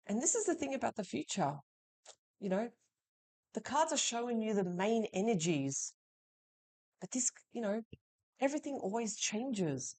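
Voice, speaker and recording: A woman's voice: mid-range voice, darkish tone. Woman giving a tarot reading. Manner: reassuring, addresses the listener directly. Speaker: tarot reader.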